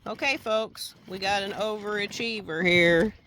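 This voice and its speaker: A tired homestead vlogger chats casually to camera outdoors by the animal pens, in a folksy way. Her voice is medium-pitched, fairly even and fairly bright, at a measured pace. The audio is poor, with a little hiss or hum.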